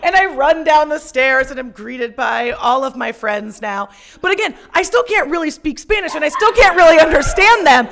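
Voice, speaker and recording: A young woman telling a personal story on stage, profane and self-mocking, shouting out her punchlines. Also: sits high, animated, moderate pace, a little hiss or hum.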